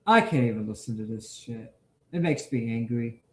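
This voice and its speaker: Lively crude-talking man in an echoey room. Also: medium pitch, moderate pace. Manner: crude, heated, ranting. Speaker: podcast host. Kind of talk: casual commentary. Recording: roomy echo.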